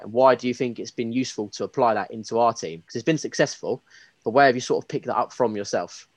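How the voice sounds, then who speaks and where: A man's voice: mid-range voice, quick pace, dry recording. A man hosting a casual podcast interview, asking friendly, probing questions. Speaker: podcast host.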